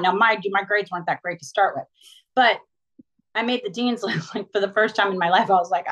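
A middle-aged woman talks as an interview guest. She tells her story casually and with animation, piling on asides and fillers. Her pitch sits in the middle range. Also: brisk, low-quality recording. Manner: chatty, animated, lots of "like".

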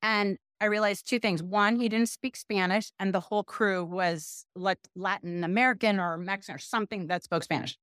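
Speaking at an ordinary pace with hardly a pause, this mid-range, clear and resonant voice belongs to a middle-aged business owner from Pasadena, California. She's an interview guest recounting a story, chatty and quick to poke fun at herself, tossing in lively quoted asides. The studio-quality recording has no room sound.

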